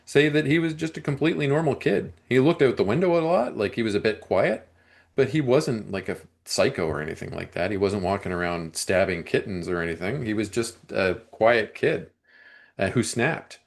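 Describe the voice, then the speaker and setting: A man co-hosting a movie review podcast, talking casually and at length, often clearing his throat and restarting his sentences. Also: lowish voice, expressive, normal speed.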